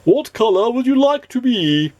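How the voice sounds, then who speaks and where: A man voicing an eccentric male storybook wizard who talks in a loud, excited, exclaiming way. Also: very high voice, moderate pace, no echo, dull audio, voice pushed up.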